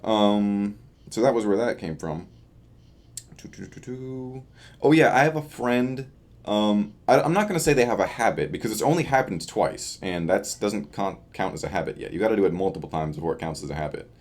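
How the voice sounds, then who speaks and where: A man's voice: fairly low pitch, expressive, brisk, a little mellow. A tired young man chatting loosely in a casual video diary, with lots of fillers. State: tired from lack of sleep. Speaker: vlogger. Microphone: camera facing him.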